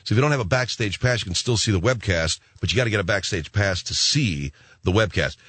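A middle-aged late-night radio host with a fairly low, breathy-edged voice talks fast while telling a rambling story with lots of asides. He brings it to life by acting out voices. It's recorded on a studio microphone in a radio studio, with no echo.

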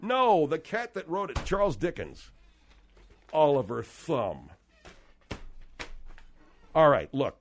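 A man hosting a comedic radio talk show, sarcastic and exasperated with quick retorts. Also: fairly high pitch, huge pitch swings.

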